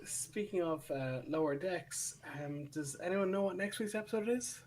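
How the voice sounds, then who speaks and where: A man's voice: sits high, normal speed, darkish tone, a little hiss or hum. A man co-hosting a casual podcast review on a remote call. He talks with eager, stammering restarts. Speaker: podcast co-host. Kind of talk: casual chat, reviewing a TV episode.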